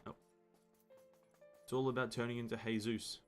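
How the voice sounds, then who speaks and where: A man's voice: medium pitch, little pitch movement, normal speed, faint music behind. Rambling young man streaming a game. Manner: rambling, self-interrupting, laughs at himself. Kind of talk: casual chat.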